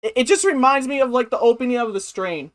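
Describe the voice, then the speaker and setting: Giggly, incredulous woman vlogger, higher voice. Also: expressive, fast. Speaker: commentary vlogger. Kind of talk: rambling reaction commentary.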